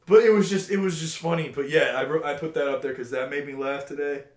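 A young man co-hosting a casual podcast, an animated storyteller who swears freely. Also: fairly high pitch, fast. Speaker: podcast co-host. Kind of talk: casual chat. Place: home cellar. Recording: echoey cellar room.

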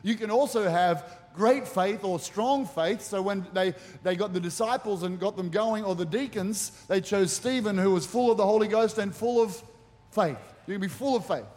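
A man preaching a sermon as pastor, animated and acting out the voices in the stories he tells. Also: sits high, normal speed. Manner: animated, acts out quotes in the story. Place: church auditorium. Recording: long reverb of a large church hall.

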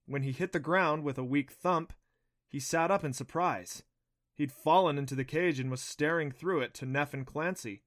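A man reading an audiobook aloud with a steady storytelling delivery. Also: a little high, normal speed. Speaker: audiobook narrator. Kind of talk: scripted audiobook narration.

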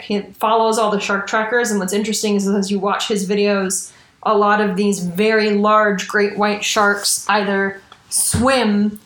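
A woman's voice: medium pitch, a bit bright. Chatty woman podcast host, echoey room. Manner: chatty, swears casually. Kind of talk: casual true-crime podcast chat.

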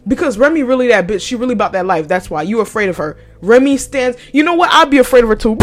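A young woman hosts her podcast with a lively, swooping voice, pitched a little high for a woman. She swears freely and keeps breaking into laughter. Faint music plays underneath. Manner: profane, animated, laughs often. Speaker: podcast host. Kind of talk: casual chat.

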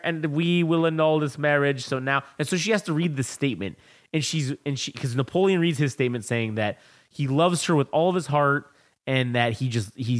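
A man co-hosting a podcast, retelling film scenes in a casual, profane chat and acting out lines. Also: medium pitch. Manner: animated, profane storytelling, acts out movie lines. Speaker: podcast co-host.

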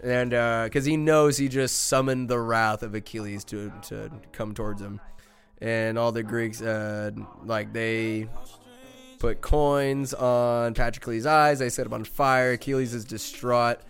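A young man hosting a podcast, giving a casual, animated movie recap full of slang and acted-out quotes. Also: mid-range voice, a little slow, faint music behind. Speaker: podcast host.

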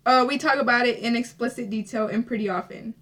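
A woman's voice: a little high, fairly bright tone. Giggly young woman reading quiz questions. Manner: giggly, quick, playful. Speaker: vlogger. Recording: from a distance from the mic.

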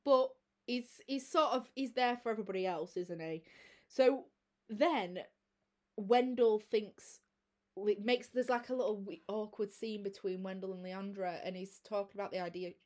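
A woman chatting casually about a film, recapping scenes with quick restarts and asides. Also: mid-range voice, a little mellow. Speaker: film discussion co-host. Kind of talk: casual chat.

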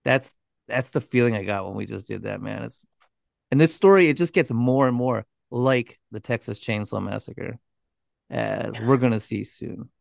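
A man's voice: mid-range voice, normal speed, creaky, no echo, clean studio sound. A man co-hosting a true-crime podcast, narrating the story and reacting in casual, swear-laced chat. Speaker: podcast co-host.

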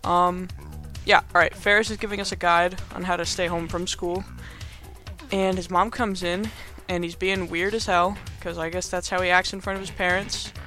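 A man's voice: high voice, level tone, normal speed, pushed and bright, soft background music. A man hosting a podcast, casually recapping a movie in a rambling, chatty way with frequent laughs. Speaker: podcast host. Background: movie soundtrack playing faintly.

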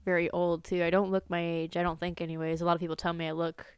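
A woman's voice: lowish voice, level tone, fast, clean tone, dry recording. A woman in her twenties co-hosting a casual podcast, blunt and teasing, swearing at her friend. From Florida. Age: 20s. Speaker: podcast co-host. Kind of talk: casual chat.

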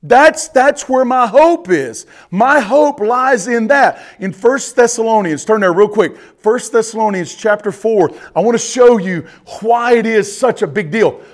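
A man, a pastor, preaching a sermon, often calling out to the congregation and swinging between loud emphatic passages and quiet, low asides. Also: animated, unhurried, few pauses. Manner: preaching with emphatic rises and drops, addressing the congregation directly.

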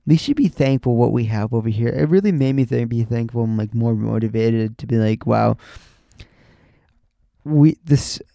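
A young man hosts his own podcast, talking in a rambling, unscripted way with constant restarts and casual swearing. His voice has a gravelly, mellow tone. The recording is dry and close. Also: mid-range voice, normal speed, no room sound. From USA. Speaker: podcast host.

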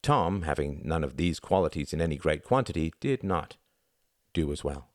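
A man narrates a novel as an audiobook reader, measured and expressive, in an extremely low voice. The recording is studio quality with no echo.

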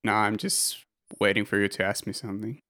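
A man's voice: lowish voice, fairly even intonation, a little fast, bright, forceful tone. A man appearing as a podcast guest, laconic and a bit awkward. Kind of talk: casual chat.

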